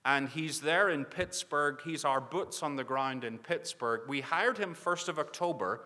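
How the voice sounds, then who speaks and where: A man's voice: a little high, measured pace, pushed and bright, big-room sound. A man making an earnest mission appeal from the pulpit, pleading with the listeners again and again for prayer and support. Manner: earnest, urging with repeated pleas. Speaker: mission society speaker. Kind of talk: sermon appeal.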